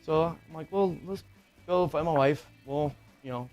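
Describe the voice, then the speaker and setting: A man's voice: on the high side, unhurried, darkish tone, highs cut off, faint music behind. A middle-aged man co-hosting a casual talk show, telling a personal ghost story in a rambling, profane way with lots of filler words. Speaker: podcast co-host.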